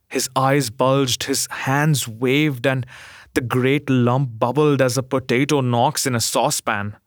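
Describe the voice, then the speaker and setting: Guy reading a story real slow, calm measured voice, dry close mic. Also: mid-range voice, no echo. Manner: measured, gentle and unhurried. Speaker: narrator.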